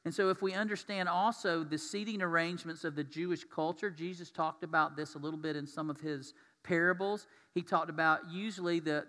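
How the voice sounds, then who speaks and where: Bright-voiced preacher in a reverberant hall. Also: male voice, a little high. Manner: conversational, asks the congregation questions. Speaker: pastor. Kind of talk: sermon. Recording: long reverb of a large hall.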